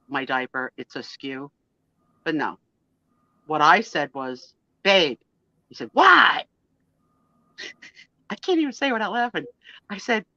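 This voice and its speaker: A middle-aged woman hosting a live stream, telling a story in a casual, animated way, laughing and acting out the lines she quotes. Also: sits low, no echo, lo-fi sound. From United States. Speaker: host.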